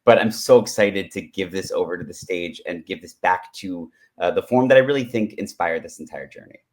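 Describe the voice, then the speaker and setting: A man's voice: deep voice, brisk, darkish tone. A man, a writer, talking eagerly in an interview, rambling with many restarts. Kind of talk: interview conversation.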